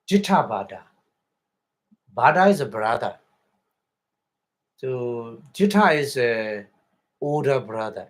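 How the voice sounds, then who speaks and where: A man with a Burmese accent, a Buddhist monk giving a Dharma talk, explaining Pali words slowly with many pauses and repetitions. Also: mid-range voice. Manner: slow, halting, repeats and glosses words.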